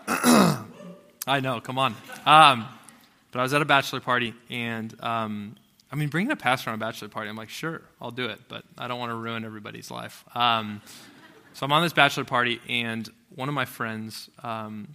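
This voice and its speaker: Male pastor, thirties, bright clear tone, conversational sermon storytelling, emphatic peaks. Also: medium pitch.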